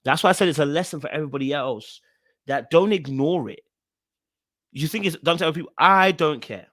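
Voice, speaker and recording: A man giving casual commentary on a reality show, animated and full of fillers and restarts as he repeats his points. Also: fairly high pitch, fairly quick, no room sound, studio quality. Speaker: reaction video host.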